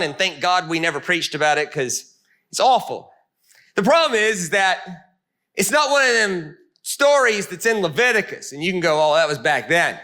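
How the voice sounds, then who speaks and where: A male pastor telling a Bible story in a lively, comic sermon before an audience. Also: high voice. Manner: animated, comic, punchy. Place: meeting room before an audience.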